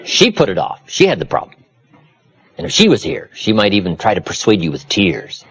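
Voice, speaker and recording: Male motivational speaker, husky, very animated pitch, preacherly emphasis. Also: brisk. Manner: preacherly, dramatic swings from low confiding to loud emphatic. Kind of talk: motivational seminar talk.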